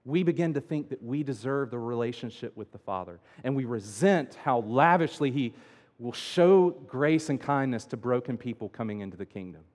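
A man preaching a sermon as pastor, swinging between loud emphatic lines and quiet asides. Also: medium pitch, expressive, normal speed. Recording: long hall reverb.

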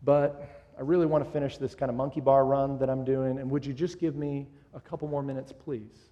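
A man's voice: medium pitch, level tone, brisk, dull audio, lightly acted. A preacher acting out a polite young boy who respectfully pleads with his father for a few more minutes. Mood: pleading. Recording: echoey hall.

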